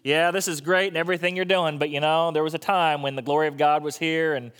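A man's voice: on the high side, fairly even intonation, quick pace, a bit bright, clean tone, big-room sound, natural voice. A man putting on a grumbling old man with a Southern US drawl who insists things were better in his day.

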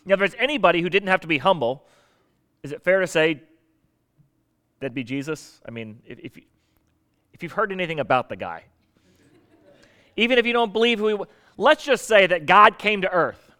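A man from the Southern US preaching a sermon as pastor, in a conversational, wry way that swings between loud emphasis and quiet asides. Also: high-pitched, expressive, moderate pace, long pauses.

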